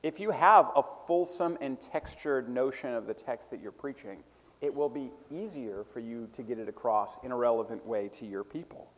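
Man lecturing methodically in a reverberant hall. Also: medium pitch. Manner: methodical, repeats definitions slowly for note-taking. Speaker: teacher of a preaching class. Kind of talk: classroom lecture.

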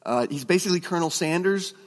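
A man teaching a class of preachers, chatty and relaxed, with fillers and restarts as he tells stories. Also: fairly high pitch, quick pace, in a large hall. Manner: conversational, many fillers and restarts, storytelling asides. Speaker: preaching instructor.

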